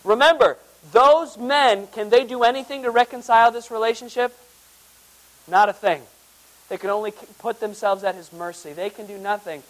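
Verse by verse, this man with a high voice preaches through a Bible passage, first reading the archaic formal wording and then unpacking it. He dips into quiet, intimate moments and then surges back up to loud, forceful high points. He speaks at a normal speed, and the recording is poor.

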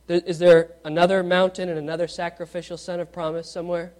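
High-voiced preacher, loud then hushed. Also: male voice, fast. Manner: swings between loud animated questions and hushed emphasis; asks the congregation questions and reads scripture aloud. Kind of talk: sermon reading and explaining scripture.

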